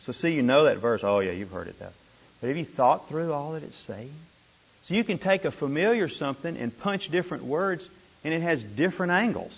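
A man teaching a group how to study scripture, animated and repeating words for emphasis. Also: on the high side, fairly quick, vocal fry, husky. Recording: dull lo-fi room recording.

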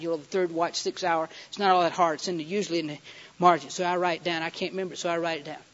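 A man's voice: a little high, steady tone, rapid-fire, fairly bright tone. A man preaching a sermon, telling Bible stories in a folksy way and building to emphatic peaks. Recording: dull lo-fi sound.

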